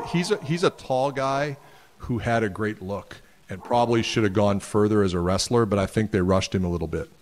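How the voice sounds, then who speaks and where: A man guesting on a podcast, telling stories in a casual, animated way and acting out other people's lines. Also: lowish voice. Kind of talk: casual storytelling.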